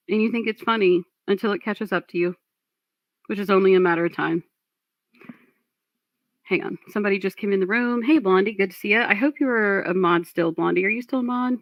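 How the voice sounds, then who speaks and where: A woman's voice: mid-range voice, creaky, dry recording, muffled recording. A woman reacting to a clip on her stream, trading sarcastic jabs and curses with the person in it. Her voice sits mid-range and the sound is dry, close and free of any room. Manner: sarcastic, profane, scolding.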